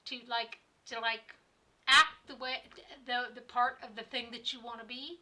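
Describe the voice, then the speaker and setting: A woman's voice: on the high side, fairly even intonation, normal speed, pushed and bright. A woman voicing a cheeky, sarcastic young male helper while reading game dialogue aloud. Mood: mocking. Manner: sarcastic, mocking.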